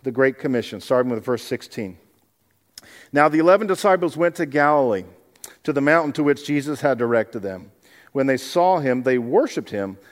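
A pastor preaches an animated sermon in a medium-pitched voice, acting out Bible scenes in the voices of other people. It sounds like he's in a large hall.

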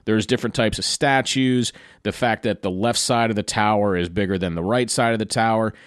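A man's voice: lowish voice, brisk, clean tone, no echo, studio quality. A man from Pennsylvania, telling the story of a trip in a chatty, enthusiastic way with asides to the listener. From Pennsylvania, USA. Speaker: travel storyteller. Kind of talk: casual travel recap narration.

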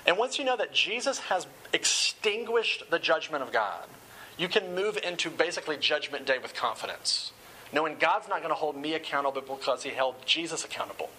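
A man's voice: fairly high pitch, lively intonation, brisk, sharp tone, a little hiss or hum, low-quality recording. A man preaching a sermon to a live audience in a room, earnest and conversational, with casual asides.

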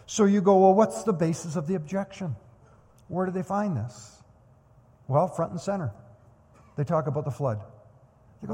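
A man's voice: sits high, moderate pace, big-room sound. A man preaching a sermon, acting out the voices of the people he quotes. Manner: animated, acts out quoted voices. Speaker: pastor.

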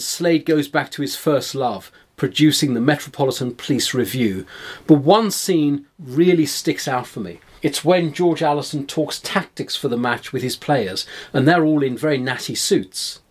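A man co-hosting a podcast, calmly retelling a film plot in a measured storytelling way. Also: on the high side, slightly rough. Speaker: podcast co-host. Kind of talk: film discussion chat.

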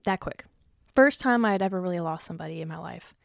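Talking fast in a low, creaky voice, a young adult woman runs her own casual podcast solo from her home basement. She's chatty and mocks herself, curses freely and gets short of breath, and the audio is studio quality with no echo.

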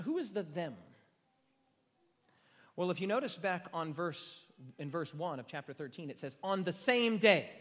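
A man preaching a sermon to a congregation in a room, dramatic, swinging from loud emphasis down to hushed near-whispers. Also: high voice. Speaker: pastor. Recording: reverberant hall sound.

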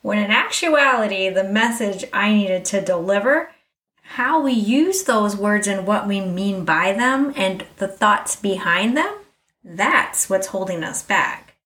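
A woman's voice: mid-range voice, animated, measured pace, fairly bright tone, distant mic. A middle-aged woman hosting a podcast, speaking candidly and reflectively straight to her listener. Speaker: podcast host. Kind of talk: personal reflective monologue. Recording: roomy echo, a little off mic.

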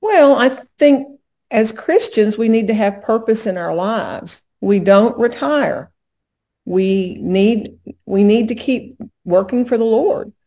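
A woman's voice: on the high side, lively intonation, slow pace, warm tone. An older woman as an interview guest, speaking in an earnest, sincere way. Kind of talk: casual interview.

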